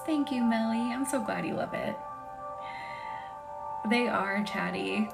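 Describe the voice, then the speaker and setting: Calm woman guiding an energy healing. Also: a little high, slow pace, creaky, pauses often. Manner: calm guiding affirmations, chats with viewers; slips into soft whispers. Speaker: Reiki healer. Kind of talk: live guided energy-healing session. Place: at home. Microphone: phone on a live stream. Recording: music playing behind.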